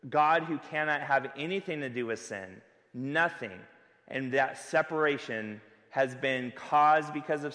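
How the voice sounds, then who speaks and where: A man's voice: fairly high pitch, fairly bright tone. A man preaching a sermon as pastor, earnest and conversational, with rhetorical questions to the congregation. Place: church sanctuary. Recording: long hall reverb.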